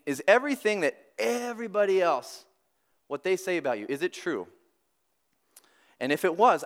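Lively conversational male preacher. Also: fairly high pitch. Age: adult parent. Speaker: pastor. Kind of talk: sermon.

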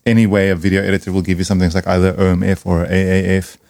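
A man's voice: deep voice, flat delivery, rapid-fire, gravelly, darkish tone, no room sound. A man hosting a podcast, chatting in a laid-back way in a studio. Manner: laid-back, says "dude" a lot. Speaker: podcast host. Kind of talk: casual chat.

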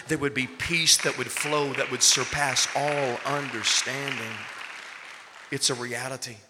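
Man preaching with a bright hall echo. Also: mid-range voice. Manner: preaching, swings between hushed and loud. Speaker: pastor. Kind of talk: sermon.

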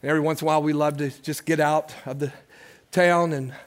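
A man's voice: on the high side, steady tone, quick pace. A pastor in his sixties preaching a sermon, moving between folksy storytelling and fervent appeals, with call-outs to the congregation. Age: 60s. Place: church service.

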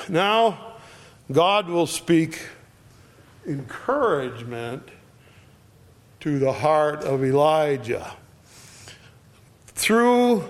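A man preaching a sermon, slow and deliberate, with dramatic pauses and drops to a soft voice. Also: medium pitch.

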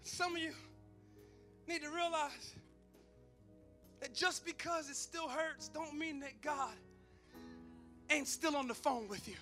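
A man's voice: very high voice, slow pace, pauses often, bright, forceful tone, soft background music. A man preaching a sermon, telling stories with humor and calling out to his congregation. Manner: emphatic preaching with call-outs to the congregation; conversational storytelling with humor. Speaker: pastor.

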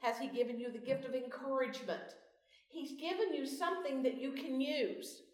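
A woman's voice: high voice, steady tone, moderate pace, darkish tone. Lady leading bible study, folksy, lots of questions, echoey room, mic far away. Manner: folksy, asks the group questions. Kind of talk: devotional teaching.

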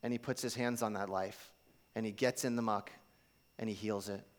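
A man's voice: on the low side, fairly even intonation, normal speed. A man preaching a sermon in a casual, conversational way, acting out the quotes he tells. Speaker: pastor.

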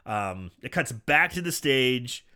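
Brief: lively, bright-voiced man, profane casual movie recap, jumps into silly voices. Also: medium pitch, slow. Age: young adult or middle-aged, a parent. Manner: animated, profane, acts out quoted lines in exaggerated voices. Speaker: podcast co-host recapping a movie. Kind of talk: casual chat.

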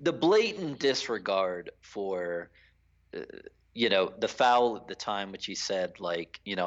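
Animated ranting man, lively pitch. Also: measured pace, dull audio. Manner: animated, ranting, many fillers. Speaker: podcast co-host. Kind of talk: casual sports chat.

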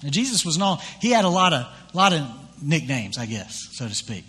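A man preaching a sermon as pastor, retelling scripture in a conversational, animated way with acted-out quotes. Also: on the high side, normal speed, husky, big-room sound.

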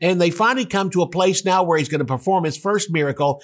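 A man preaching a sermon, emphatic, rising and speeding up to stress his points. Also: high voice. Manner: emphatic, rises and quickens when stressing a point.

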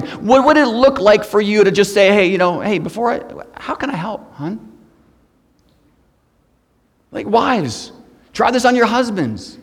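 Middle-aged man preaching in a reverberant hall. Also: high-pitched. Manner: humorous, swings between soft and loud. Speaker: guest pastor. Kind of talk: sermon. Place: church sanctuary.

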